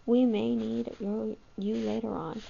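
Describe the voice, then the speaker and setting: A woman's voice: on the high side, flat delivery, a little slow, vocal fry, dark tone, a little hiss or hum. A woman reading the lines of a weary, kindly colonial aunt in a storybook reading, sighing and tired. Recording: dull lo-fi home recording.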